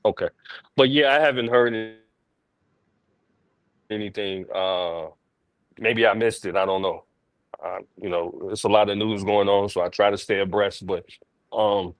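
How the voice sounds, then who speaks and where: A man's voice: on the low side, moderate pace, pauses often, no echo. A man co-hosting a podcast over a remote call from outdoors, talking loosely and casually. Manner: relaxed, loose with fillers. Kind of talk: casual chat.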